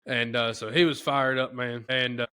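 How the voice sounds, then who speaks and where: A man hosting a podcast, telling a story in a casual, rambling, animated way with lots of filler talk. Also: mid-range voice, normal speed, clean tone. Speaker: podcast host.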